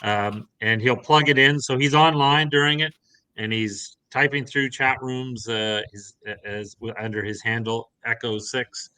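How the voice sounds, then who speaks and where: A man's voice: mid-range voice, measured pace, bright, forceful tone, clean tone, no echo. A man describing his character at a tabletop game in a chatty, rambling way. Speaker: player. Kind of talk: tabletop play.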